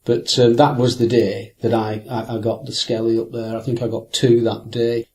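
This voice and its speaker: An older man, an angler, rambles through fishing stories in a reflective, anecdotal interview, full of hesitations and restarts. His voice is medium-pitched and a little mellow, with a level tone and a normal speed.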